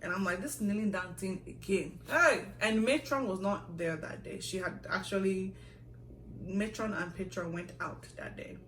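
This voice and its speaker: A young woman vlogger telling a story in a casual, animated way, with laughs and asides. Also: mid-range voice, moderate pace, a little hiss or hum. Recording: echoey room, a little far from the mic.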